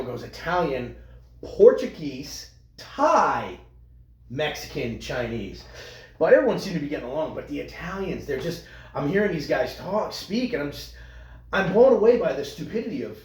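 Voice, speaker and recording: A man co-hosting a podcast in casual crude banter, animated and profane, with lots of trailing restarts. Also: on the high side, moderate pace, roomy sound. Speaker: podcast co-host.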